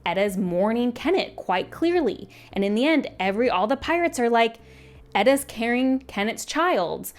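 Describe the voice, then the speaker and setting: A woman's voice: fairly high pitch, animated, moderate pace. A woman giving a casual, emotional book review, talking through her feelings with many fillers and restarts.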